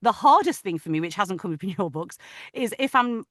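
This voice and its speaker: A woman who narrates audiobooks, talking about her craft in an animated, chatty way with frequent restarts. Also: medium pitch, a little fast, no echo, clean studio sound. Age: adult, parent of older children. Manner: animated, talkative, many restarts. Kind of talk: casual interview chat.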